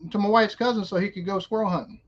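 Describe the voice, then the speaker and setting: A man's voice: high voice, fairly even intonation, quick pace, a loud crowd. A man co-hosting a casual livestream talk show, blunt and opinionated, swearing freely. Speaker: co-host. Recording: dull lo-fi stream audio.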